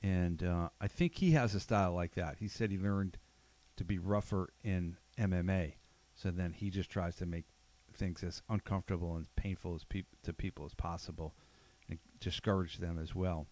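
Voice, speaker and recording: A man's voice: deep voice, normal speed, a little mellow, dry recording. A middle-aged man hosting a podcast, chatting casually and telling stories with quoted asides. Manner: conversational, storytelling with quoted asides. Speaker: podcast host. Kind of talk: casual chat.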